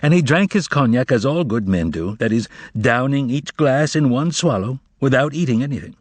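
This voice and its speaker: A man reading a novel aloud as an audiobook narrator, with expressive, measured storytelling. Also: mid-range voice, no room sound. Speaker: audiobook reader.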